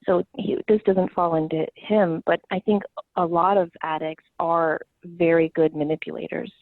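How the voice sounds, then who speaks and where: A woman's voice: fairly low pitch, level tone, moderate pace, no echo. A woman hosting a podcast who talks candidly about her family and laughs often. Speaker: podcast host. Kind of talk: casual conversation. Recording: tinny phone-like line, dry.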